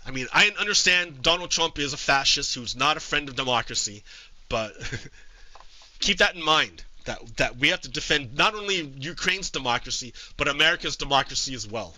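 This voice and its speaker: Halting, bright-voiced male streamer. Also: a little high, animated, no room sound, rough recording. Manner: halting, with frequent repeats and restarts. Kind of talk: casual political commentary to a live chat.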